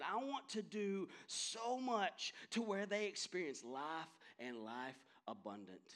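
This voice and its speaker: A man's voice: high voice, animated, slow, hardly any pauses, a bit bright. A man in his thirties, a pastor, preaching a sermon with impassioned emphasis that builds to strong peaks. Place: church sanctuary.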